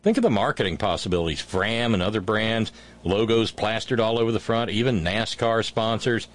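A male talk radio host with an easygoing, wry delivery. He moves between the callers, listener notes and thank-yous in a relaxed, conversational way. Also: on the low side, fairly quick.

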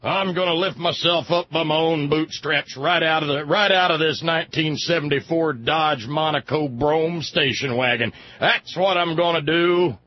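A man putting on a loud, smug, preachy dad. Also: a little high, moderate pace, few pauses, dry recording, dull audio, natural voice. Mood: mocking. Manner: sarcastic, ranting, exaggerated patriotic bluster.

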